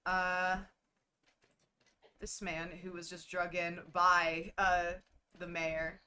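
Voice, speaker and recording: Woman streamer as game master, bright voice, rambling and swearing. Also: on the low side, level tone, drawn-out words, slight background noise. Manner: rambling, swearing, laughing often. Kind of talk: casual tabletop narration.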